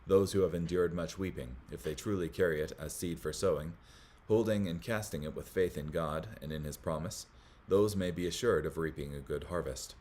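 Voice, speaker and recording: A man hosting a Bible study, reading commentary aloud in a measured way, with small slips that he corrects as he goes. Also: deep voice, darkish tone.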